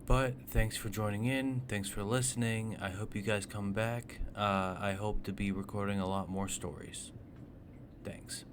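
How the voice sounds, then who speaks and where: A man's voice: fairly low pitch, fairly even intonation, moderate pace, hardly any pauses. A man casually narrating a personal story, blunt and swearing often, with a faintly noisy background. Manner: blunt, profane, exasperated.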